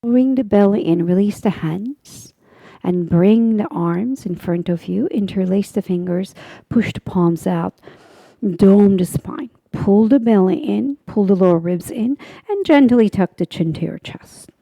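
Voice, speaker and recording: A woman teaching a guided yoga class, giving slow, soothing cues that often drop to a half-whisper. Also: medium pitch, creaky, warm tone, no echo.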